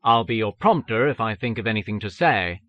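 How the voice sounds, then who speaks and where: A man voicing a dry, slow-spoken husband and writer in an audiobook. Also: lowish voice, animated, muffled recording, close to an everyday voice.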